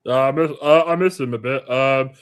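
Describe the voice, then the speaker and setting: A man's voice: medium pitch, moderate pace, smooth, natural voice. A man playing a polite, bland male star striker who tacks "obviously" onto every sentence. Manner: monotone, says "obviously" after every sentence. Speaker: comedy co-host.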